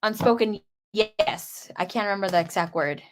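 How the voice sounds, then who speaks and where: A woman's voice: medium pitch, normal speed, heavy background noise. A young woman and tarot reader telling a personal story in a casual, candid and dramatic way, with frequent swearing.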